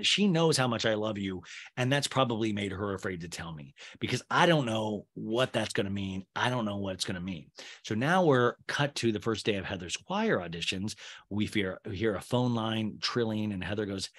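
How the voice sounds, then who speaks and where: A man hosts a comedy podcast and recaps a reality show episode scene by scene. His pitch swings widely as he acts out the cast's lines, then drops into sarcastic asides of his own. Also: lively intonation, fairly quick, a bit bright. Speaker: podcast host.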